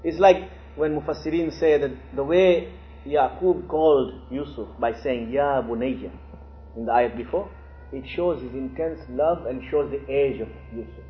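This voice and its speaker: A man teaching a religious lesson on scripture, animated and acting out the quotes he explains. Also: medium pitch, normal speed, roomy sound. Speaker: teacher of Quran commentary. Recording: tinny phone-like line, faint hiss.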